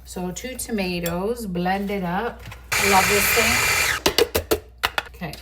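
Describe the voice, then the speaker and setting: A woman's voice: mid-range voice, slow, far from the mic. A middle-aged woman chatting casually and swearing freely to a phone camera while she cooks in her home kitchen. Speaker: home cooking vlogger. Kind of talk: casual kitchen vlog chat. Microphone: phone on a tripod. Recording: phone mic from across the kitchen with background noise.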